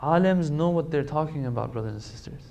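A man's voice: on the high side, expressive, fairly quick, vocal fry, darkish tone, dull audio, a little hiss or hum. A man giving a religious lecture to a congregation, emphatic, repeating phrases for stress and pleading directly with his listeners.

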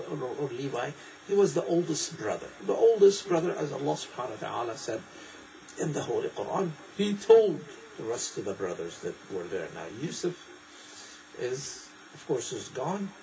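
Lively man preaching. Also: a little high, slight background noise, low-quality recording. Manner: lively, digressive, recites in quick bursts. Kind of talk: sermon explaining scripture.

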